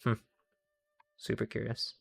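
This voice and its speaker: A young man streaming casual political commentary, rambling, swearing freely and cutting himself off mid-sentence. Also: unhurried. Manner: profane, rambling, self-interrupting.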